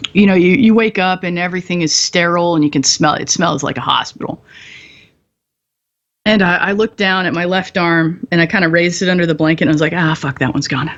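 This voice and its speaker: A woman's voice: fairly low pitch, fairly quick, muffled recording. A woman in her thirties, a podcast guest, candidly telling a hard story with blunt, profane humor and frequent laughs. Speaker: podcast guest, combat veteran.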